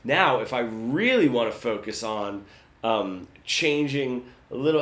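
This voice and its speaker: A man teaching guitar in a relaxed, conversational lesson, often checking in with "right?". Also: medium pitch, unhurried. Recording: roomy sound with guitar.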